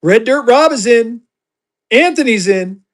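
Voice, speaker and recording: A man's voice: very high-pitched, lively intonation, measured pace. A man selling at a live online auction, chatting casually to viewers and thinking aloud as he sorts his stock. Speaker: livestream auction seller.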